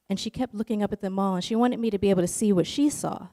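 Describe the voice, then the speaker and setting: A woman's voice: medium pitch, fast talker, hardly any pauses, dark tone. A woman telling a personal story in an earnest, emotional way, in long flowing runs.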